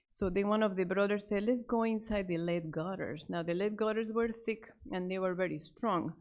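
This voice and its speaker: A woman telling a missionary story to a church class, speaking off the cuff with fillers and restarts and voicing the characters' lines. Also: moderate pace. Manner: animated, acts out the quoted characters with raised pitch; many fillers and restarts, unscripted. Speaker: Sabbath School storyteller.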